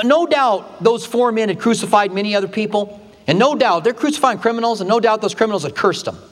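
A male pastor delivering a sermon, telling the story dramatically with acted quotes. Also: big-room sound. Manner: dramatic retelling with acted quotes, shifting pitch widely.

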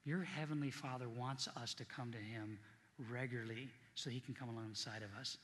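A man's voice: mid-range voice, fairly even intonation, a little fast, a bit bright. Earnest preaching man in a reverberant hall. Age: middle-aged. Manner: earnest, conversational preaching with repeated emphasis. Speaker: pastor. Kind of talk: sermon.

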